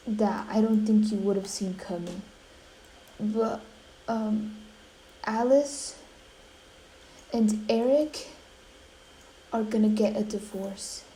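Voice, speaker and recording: A woman giving dramatic gameplay commentary, gushing and melodramatic, often dropping to hushed asides. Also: medium pitch, a little hiss or hum, rough recording. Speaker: gaming YouTuber.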